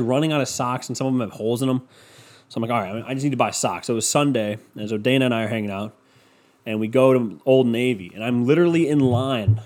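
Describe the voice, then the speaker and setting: A man's voice: mid-range voice, a little mellow. Man, casual podcast host, profane, rambling, mocking imitations. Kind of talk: casual solo monologue.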